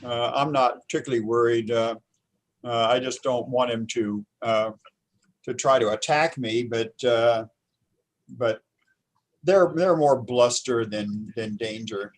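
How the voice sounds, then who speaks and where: Zögernder Mann als Mitspieler. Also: male voice, medium pitch, measured pace. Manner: hesitant, full of uh and restarts. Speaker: player. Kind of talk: tabletop role-play over voice chat.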